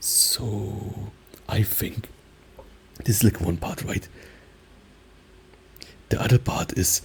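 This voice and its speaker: Soft-spoken ASMR guy, gravelly and low, slow whispery delivery into a binaural mic. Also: fairly even intonation, a little hiss or hum. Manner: alternates soft talking and whispers, many "like" fillers. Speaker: ASMR creator.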